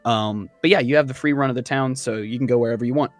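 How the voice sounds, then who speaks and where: A man running a tabletop game as dungeon master, narrating in a relaxed, conversational way. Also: medium pitch, quick pace, no room sound, soft background music.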